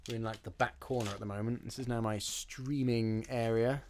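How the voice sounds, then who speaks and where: A man's voice: mid-range voice, fairly even intonation, a little fast, darkish tone, slight background noise. A young man chatting casually on a live stream while building props, reading out chat and joking about his own mess. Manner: chatty, self-mocking, reads chat aloud and answers.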